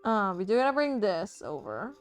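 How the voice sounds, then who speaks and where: A woman's voice: medium pitch, very animated, moderate pace. A young woman streamer chatting casually while playing a game, swearing freely and talking to her chat. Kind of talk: casual gameplay commentary. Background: soft game music.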